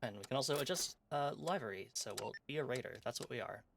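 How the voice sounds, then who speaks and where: Guy streaming a game, mid-pitch voice, reads the story text calmly and mutters casual asides. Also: fast, gravelly, background noise. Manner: calm, low-key reading and casual asides.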